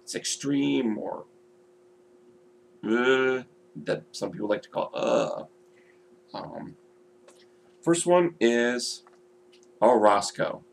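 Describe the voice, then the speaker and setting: A man's voice: mid-range voice, animated, very slow, creaky, pauses often, slight background noise. A man vlogging casually, rambling and swearing, with many "you know" fillers. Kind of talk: casual video vlog.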